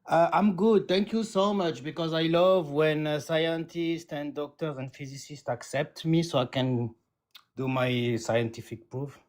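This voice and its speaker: A man's voice: on the high side, steady tone, unhurried, a little mellow, lightly acted. A man calling in to a live debate stream, putting on a fake French accent as a joking troll. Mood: mocking. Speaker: caller.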